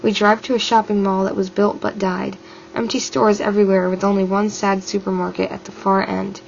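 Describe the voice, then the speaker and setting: A woman reading a novel aloud in a steady, subdued way as an amateur audiobook reader. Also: mid-range voice, a little fast, gravelly, slight background noise. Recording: dull lo-fi with faint music.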